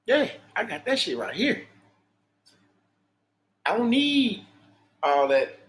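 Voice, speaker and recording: High-voiced profane man ranting on a livestream. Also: very animated, slow pace. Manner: profane, preachy, boastful. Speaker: livestream host. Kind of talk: unscripted livestream monologue.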